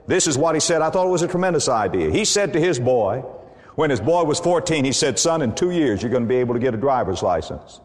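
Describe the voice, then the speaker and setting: A man preaching a sermon, animated and emphatic, quoting scripture. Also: medium pitch, big-room sound.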